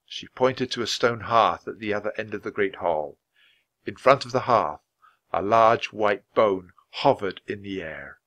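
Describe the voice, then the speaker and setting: A man reading a children's chapter book aloud at a natural, clear pace. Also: fairly low pitch, measured pace, fairly bright tone, highs cut off. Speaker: storybook reader.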